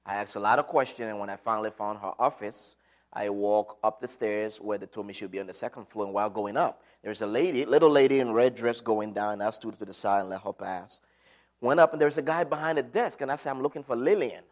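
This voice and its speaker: A middle-aged man giving an inspirational talk, telling a personal story with dramatic swings from loud to quiet. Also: on the low side, a little fast. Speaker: speaker.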